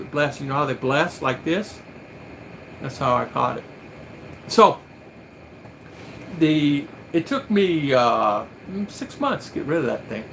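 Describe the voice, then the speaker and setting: An older American man hosts a casual livestream, spinning rambling stories and doing the voices of the people he quotes. His voice is a little high and a bit bright, and the low-quality recording carries slight background noise.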